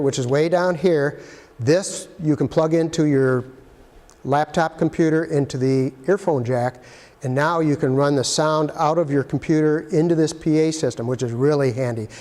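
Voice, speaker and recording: A man's voice: a little high, darkish tone. A man giving a casual, practical walkthrough of presentation equipment in a room, with chatty asides to the viewer. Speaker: arts facility equipment guide. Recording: long hall reverb.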